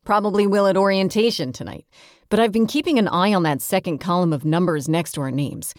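Narrator voicing a brisk, know-it-all guy athlete, quick delivery, storybook reading. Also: on the low side, animated, darkish tone, no room sound, studio quality, natural voice. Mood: confident. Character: confident fit male contestant, show-off.

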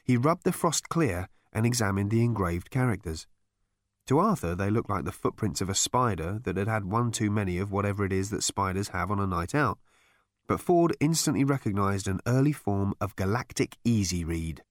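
A man's voice: on the low side, lively intonation, normal speed, no room sound. A man reading a comic novel aloud as narrator in a dry, wry storytelling manner. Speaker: audiobook narrator. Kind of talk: scripted narration.

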